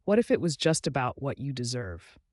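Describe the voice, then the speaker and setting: A man's voice: medium pitch, very animated, brisk, no room sound, studio quality. A man voicing a successful, driven businessman who speaks earnestly and urgently.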